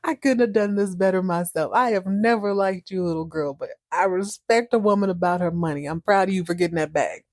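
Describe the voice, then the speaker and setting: A woman voicing a proud matriarch who grudgingly praises a rival in a lower, hushed voice. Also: a little fast, hardly any pauses, no echo, studio quality, close to an everyday voice. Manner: low, hushed, grudgingly admiring.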